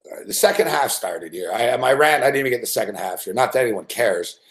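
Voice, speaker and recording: A man's voice: medium pitch, animated, fast, fairly bright tone. A man giving a live sports betting rant, profane and exasperated.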